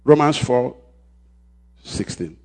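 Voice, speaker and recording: A male pastor with a mid-range, expressive voice preaches slowly, repeating key phrases and calling for the congregation to respond. His delivery swings between shouting and quiet lines.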